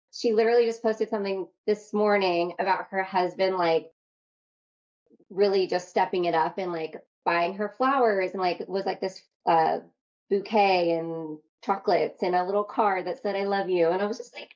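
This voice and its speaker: Young woman coach hyped and swearing, kinda muffled lo-fi sound, medium pitch. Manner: energetic, casual, swears freely. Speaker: self-love coach and podcast host. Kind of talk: workshop talk to an online audience.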